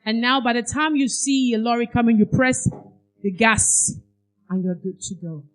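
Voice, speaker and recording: A woman's voice: on the high side, normal speed, faint music behind. A woman giving a parenting workshop talk in a conference hall, asking the audience questions for them to finish aloud. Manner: quizzes audience with fill-in questions. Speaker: workshop speaker.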